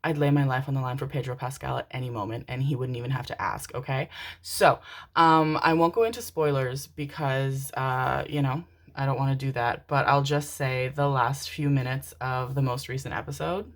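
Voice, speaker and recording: A woman's voice: very deep voice, fairly even intonation, moderate pace. A young adult woman doing a casual tarot card reading to camera, affectionate and gushing, calling listeners her darlings and piling up repeated words.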